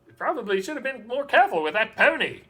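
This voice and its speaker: A man on a stream doing cold, deliberately deadpan dramatic readings of excerpts. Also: extremely high pitch, breathy edge, faint music behind. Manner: deliberately deadpan, over-earnest delivery.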